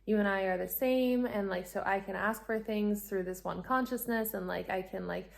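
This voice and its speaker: Woman vlogger, casual storyteller, slight fry in her voice, laughs and acts out the people she quotes. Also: mid-range voice, normal speed. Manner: animated, acts out quoted exchanges, laughs often. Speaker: travel vlogger.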